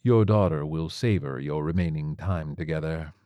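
A man voicing a large male tiger surgeon who speaks in a soft, measured, clinical way, in a spoken storybook. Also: extremely low pitch, no echo, muffled recording. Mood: calm. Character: calm male tiger surgeon, large, gently matter-of-fact.

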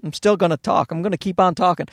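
A man talks through a loose solo podcast, his voice pitched high with a gravelly fry. He rambles from story to story, swearing freely and tossing in sarcastic asides. The sound is dry, with little room around it. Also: fast talker, no room sound. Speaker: podcast host. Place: outdoors or by a road, talking into a microphone.

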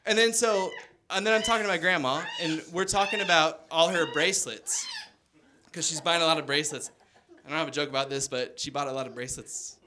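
Bright-voiced man telling a stand-up story. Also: fairly high pitch, a little fast, slight background noise. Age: 30s. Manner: rambling storytelling with acted-out quotes. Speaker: stand-up comedian. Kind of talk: stand-up comedy set. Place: stage before a laughing audience.

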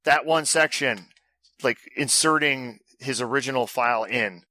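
A man's voice: medium pitch, a little slow, pushed and bright, no echo. A man co-hosting a casual podcast, loose and joking, swearing freely. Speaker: podcast co-host. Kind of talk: casual chat.

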